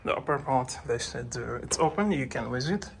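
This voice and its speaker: Male vlogger, phone in hand, chatty and halting as he tours old rooms, slight background hiss. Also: mid-range voice, creaky. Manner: relaxed, hesitant with many uh fillers, addresses viewers. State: breathing heavily while climbing. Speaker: walking tour vlogger. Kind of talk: casual walking tour narration. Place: old fort, indoors and out. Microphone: handheld phone.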